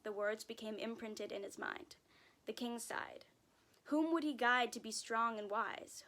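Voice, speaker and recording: A woman reading a children's picture book aloud, gentle and expressive. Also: a little high. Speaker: storybook reader.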